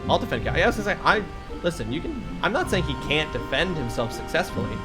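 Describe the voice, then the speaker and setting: A man's voice: on the high side, big pitch swings, fast talker. A young man live-streaming a game, bantering with chat, joking and swearing as he rambles. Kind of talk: casual live-stream chat while gaming. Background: game music.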